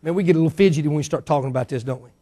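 A man with a noticeably high voice delivers a church sermon. He is middle-aged and emphatic, pressing rhetorical questions and letting his voice climb and drop for effect. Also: rapid-fire, warm tone. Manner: emphatic preacher, rising and falling dynamically, rhetorical questions. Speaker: pastor.

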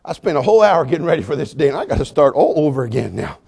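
Animated high-voiced preacher. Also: male voice, very fast, creaky, breathy edge. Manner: animated storyteller, swings from quiet to shouting. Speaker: pastor. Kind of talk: storytelling sermon.

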